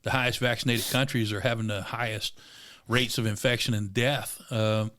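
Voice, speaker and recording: A man's voice: fairly low pitch, fairly even intonation, brisk, fairly bright tone. A man co-hosting a podcast in casual chat, opinionated, talking in bursts with fillers. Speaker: podcast co-host.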